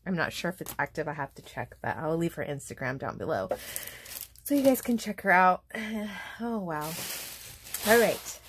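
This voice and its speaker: A woman's voice: on the low side, moderate pace. A young woman vlogging as she opens craft gifts, gushing and full of fillers, moved to happy tears. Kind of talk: casual unboxing chat. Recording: steady background noise.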